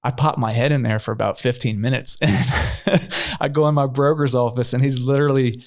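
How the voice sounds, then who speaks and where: A man's voice: mid-range voice, steady tone, fairly quick, darkish tone, no room sound, clean studio sound. A man talking as a podcast guest, telling a long story in a loose, rambling way full of fillers. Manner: rambling, heavy on fillers like "you know". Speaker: real estate agent, podcast guest. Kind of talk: casual storytelling.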